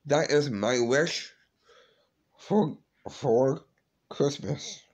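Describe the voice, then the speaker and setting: A man talks to his viewers in a slow, drawn-out way, stumbling and starting his sentences over. His voice sits at an ordinary middle pitch, and he sounds earnest and a little shaken. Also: darkish tone. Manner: halting, repeats and restarts words, grieving. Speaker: vlog host. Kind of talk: emotional personal vlog.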